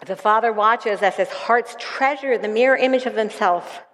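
A woman's voice: fairly high pitch, normal speed, a bit bright. A woman leading a Bible study, earnestly reading a devotional passage aloud to her group. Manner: earnest, grows emotional while reading. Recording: echoey hall.

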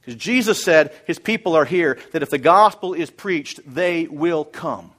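A man with a fairly high-pitched voice preaching a sermon. He works through a passage verse by verse, delivering it emphatically and repeating his key phrases. At times he grows louder to drive a point home. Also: animated, measured pace. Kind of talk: expository sermon.

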